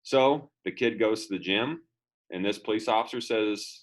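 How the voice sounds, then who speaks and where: A man's voice: on the low side, normal speed, rough recording. A man giving an upbeat motivational lesson to students, telling a story and acting out its dialogue. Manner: upbeat, acts out quoted dialogue. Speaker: school motivational speaker.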